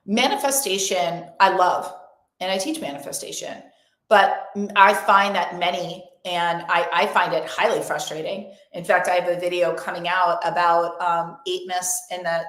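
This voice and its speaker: A young adult woman hosting a live-streamed motivational event as a coach, talking emphatically and effusively and repeating affirmations. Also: on the low side. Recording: roomy echo.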